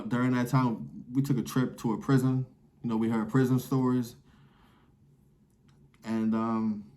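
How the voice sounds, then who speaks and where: A man's voice: medium pitch, a little mellow. A young man casually telling a personal story in a loose, rambling way, full of fillers and swearing.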